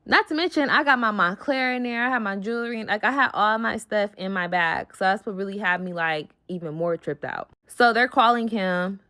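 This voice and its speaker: A young woman telling a story in a vlog, heated and profane, full of "like" and quick asides. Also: mid-range voice, sharp tone.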